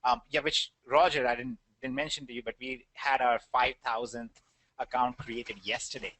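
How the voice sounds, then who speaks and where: A man hosting a webinar, answering viewers' questions in a brisk, reassuring and joking way over an online call mic. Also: medium pitch, fairly even intonation, pushed and bright, no room sound. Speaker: webinar host.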